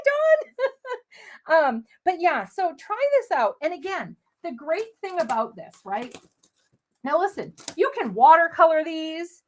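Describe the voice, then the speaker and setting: A woman hosting a live paper-crafting demonstration, chatting bubbly and giggly with viewers and greeting them by name. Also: high-pitched. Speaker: crafting livestream host.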